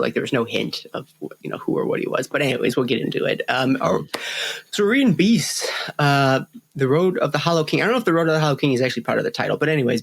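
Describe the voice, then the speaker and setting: A man talking quickly in a casual podcast chat, his voice gravelly at the edges. He rambles and restarts often, trailing through fillers as he talks books with his co-host. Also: mid-range voice.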